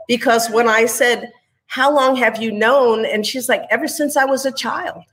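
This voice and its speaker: Woman, higher pitch, candid reflective storyteller on a panel. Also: steady tone, moderate pace, fairly bright tone, low-quality recording. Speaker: mother sharing her story. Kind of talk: conversational panel talk.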